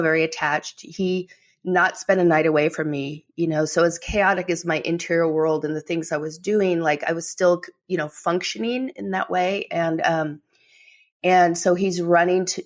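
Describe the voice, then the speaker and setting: A middle-aged woman, a memoir author, telling her own story as an interview guest, candid and emotional, leaning on "you know". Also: lowish voice.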